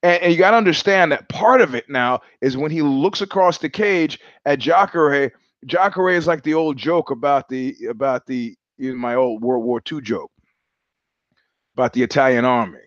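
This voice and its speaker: A man hosting a podcast, talking in a casual monologue. He is an animated storyteller who acts out quoted voices, swears freely and often restarts his sentences. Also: medium pitch, normal speed, no echo, highs cut off. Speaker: podcast host.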